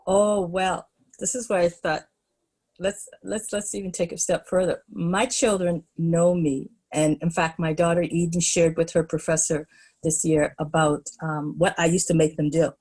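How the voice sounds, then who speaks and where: A middle-aged woman, a podcast guest, telling school stories in an animated, laughing way. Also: on the low side, normal speed, slightly rough. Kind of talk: storytelling in a podcast interview.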